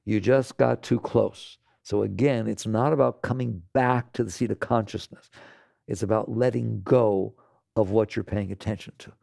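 A man's voice: lowish voice, steady tone, moderate pace, gravelly, darkish tone, dry recording, studio quality. A man giving a spiritual talk on meditation to a live audience, speaking conversationally and often checking in with his listeners. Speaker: meditation teacher.

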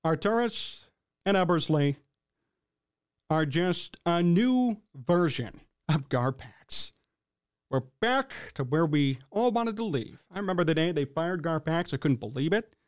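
A man's voice: on the high side, animated, measured pace, clear, resonant tone. A man hosting a sports talk show, ranting in an exasperated, sarcastic way and reading out chat comments.

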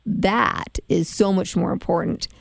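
A woman host with a gravelly, fairly low voice. She affirms her guest and shares her own reflections in a relaxed conversational way. Her tone is mellow and the recording is dry. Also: measured pace, dry recording. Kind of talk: conversational interview.

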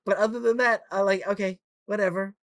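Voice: mid-range voice, fairly quick, no echo. A podcast guest in casual chat, telling anecdotes animatedly. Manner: animated storyteller.

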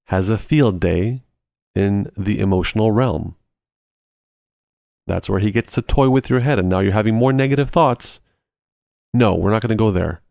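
A man's voice: deep voice, gravelly, a little mellow, dry recording, clean studio sound. A man hosting a ministry podcast, teaching in a conversational way and walking through everyday examples step by step, repeating short phrases for emphasis.

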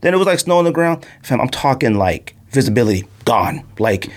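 A man in his thirties, a podcast host, telling a story with excitement, laughing often and acting out quotes in a high voice. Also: a little fast. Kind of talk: animated storytelling.

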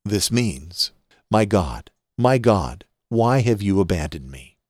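A man hosting a daily podcast, reading scripture aloud in a measured, expressive way. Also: fairly low pitch, dry recording, studio quality. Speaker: podcast host. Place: home studio.

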